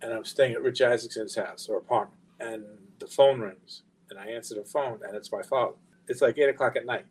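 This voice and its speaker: A middle-aged man tells a personal story in a casual interview. He swears freely and acts out the other people's lines, and his voice sits at a medium pitch. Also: brisk, hardly any pauses, husky, low-quality recording. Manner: profane, animated anecdote-telling with quoted dialogue. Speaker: guest, record label founder.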